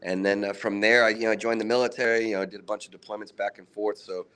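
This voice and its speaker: A man in his thirties from near Boston with a mixed Boston accent, a rugby coach talking casually in an interview, humble and halting with many fillers. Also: on the low side, little pitch movement, fairly bright tone, clean tone. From Massachusetts, south of Boston. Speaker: assistant rugby coach, guest.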